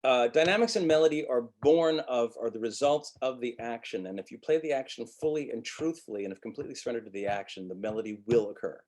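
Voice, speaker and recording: A man teaching an acting webinar, blunt and profane, acting out quick lines of dialogue as examples. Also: medium pitch. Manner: blunt, profane, animated, acts out quick quotes. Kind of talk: webinar lecture.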